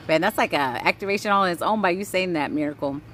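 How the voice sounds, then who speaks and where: Low-voiced woman hosting a spiritual livestream. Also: normal speed, slight background noise. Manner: animated, reads chat aloud, greets viewers warmly by name; preachy, repeats "right?" for emphasis, swears casually. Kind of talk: casual spiritual livestream chat.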